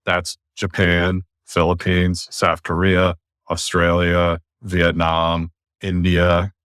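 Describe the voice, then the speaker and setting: A man's voice: low voice, completely flat delivery, slow pace, a bit bright, no room sound, clean studio sound. An American man hosting a podcast, speaking bluntly and emphatically in long runs of argument over a remote call. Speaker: podcast host. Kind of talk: opinionated casual podcast talk.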